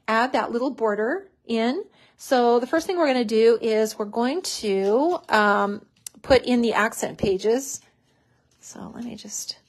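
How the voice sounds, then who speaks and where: Chatty husky-voiced woman crafting. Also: fairly high pitch. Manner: chatty, enthusiastic, lots of "so cute". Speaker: craft tutorial host. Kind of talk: casual crafting demonstration.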